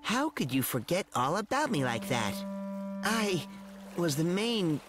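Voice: mid-range voice, sing-song, unhurried. A voice actor playing a vain, poetic male cartoon bird who talks in a pompous, theatrical way in a cartoon dub with music behind. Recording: studio dub over music.

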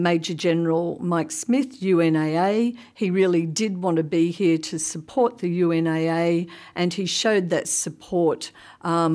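A lower-pitched woman speaks at a conference podium in a relaxed, chatty way. She pads her sentences with ums and breaks into laughter often. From Australia. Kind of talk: conference talk, anecdotal. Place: conference hall.

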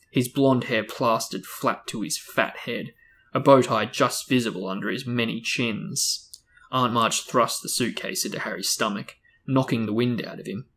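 A man hosting a book discussion, reading a novel aloud with steady, even storytelling. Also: medium pitch.

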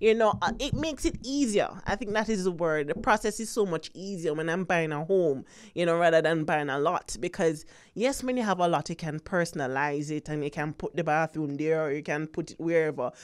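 A woman's voice: sits low, a little fast, hardly any pauses, clean tone. A woman hosting a radio interview, talking conversationally with frequent "you know" fillers. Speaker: radio show host.

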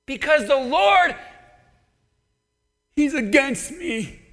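A man voicing a bitter, despairing old widow who wails loudly and pities herself, with a slow, deliberate delivery. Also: very high voice, animated, heavily acted. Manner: wailing, loud and self-pitying. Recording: long church hall reverb.

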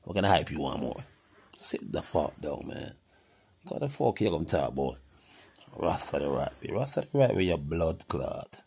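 An older man with a Jamaican accent in a heated, profane, animated rant that jumps between topics. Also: very deep voice, gravelly, husky.

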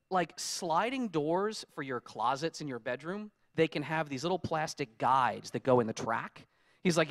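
Man, conference speaker, lively pitch, a bit high, animated storytelling. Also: measured pace. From United States. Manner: lively storytelling, acts out his own frustrated quotes. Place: conference hall.

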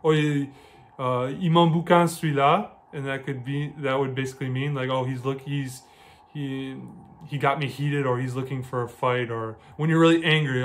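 Seorang pria beraksen Amerika menjelaskan kosakata Prancis dengan santai, sering mengulang dan meralat kalimatnya, suaranya bernada sedang. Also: male voice, medium pitch. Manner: explanatory, repeats and rephrases, frequent restarts. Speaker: language teacher. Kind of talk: casual spoken lesson.

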